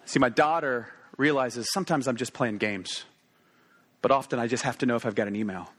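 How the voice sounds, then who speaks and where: A man in his thirties preaching a sermon as a story, moving between quick conversational asides and slow, emphatic pauses. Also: medium pitch, a bit bright.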